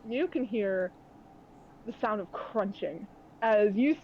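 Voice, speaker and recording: A woman's voice: medium pitch, expressive, takes it slowly, slight background noise. A young woman narrating a tabletop game as game master, rambling with many fillers. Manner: rambling, filler-heavy, laughing often. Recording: dull lo-fi audio.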